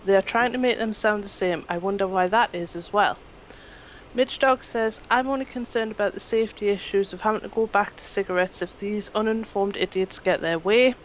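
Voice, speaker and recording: A woman's voice: medium pitch, fairly quick, slight background noise, rough recording. A woman on a live panel show reading viewer comments aloud in a matter-of-fact, lightly amused way. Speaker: chat reader.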